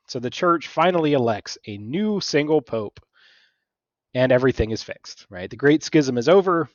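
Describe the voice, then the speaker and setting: A man teaching a casual history lesson, talking conversationally, acting out figures in quick asides, and often checking in with "right?". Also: mid-range voice, lively intonation, no room sound, lo-fi sound.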